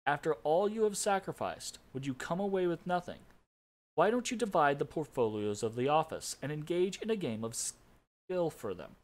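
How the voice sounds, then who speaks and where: A weary male god of the dead speaks calmly and with resignation, as a man reads his lines from a game's storybook. The voice sits a little high and moves lively through its range. He sounds indifferent to the power he hands away. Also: normal speed, close to an everyday voice. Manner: calm, resigned.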